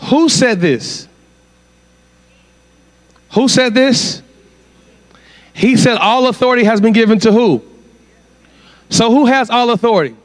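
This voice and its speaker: A man's voice: very high-pitched, lively intonation, unhurried, long pauses. A man preaching as guest speaker at a church conference, firing rhetorical questions at the congregation. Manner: asks the crowd rhetorical questions. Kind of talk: sermon.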